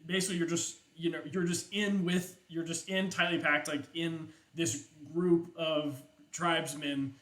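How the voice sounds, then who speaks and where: A man's voice: a little high, level tone, measured pace, hardly any pauses, fairly bright tone. A man narrating as game master in a loose, rambling way, full of fillers and casual swearing. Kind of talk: improvised tabletop game narration.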